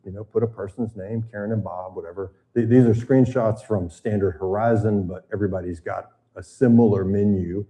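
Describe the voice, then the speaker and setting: A man's voice: lowish voice, fairly even intonation, brisk, few pauses, mellow. An older American man giving a seminar talk to an audience, explaining things conversationally with frequent fillers. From United States. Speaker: seminar presenter. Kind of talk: boating safety seminar talk.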